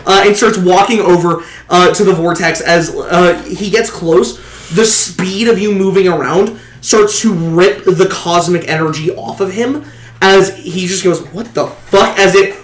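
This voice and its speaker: High-voiced man running a tabletop game. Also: fairly even intonation. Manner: halting, many fillers and restarts, laughs often. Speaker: game master. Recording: echoey room, faint noise.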